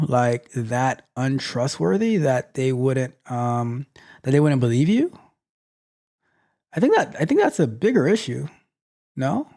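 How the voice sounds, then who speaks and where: A man hosting a live tech question-and-answer show, giving advice in a lively, mock-scolding way and often repeating phrases. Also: medium pitch. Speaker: host.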